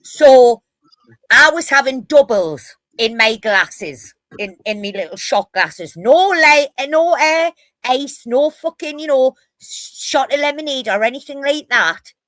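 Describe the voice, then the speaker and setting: A woman's voice: high voice, animated, takes it slowly, a bit bright, no room sound. A woman with a Geordie accent, telling rowdy stories in a casual live stream chat, brash and full of swearing. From North East England.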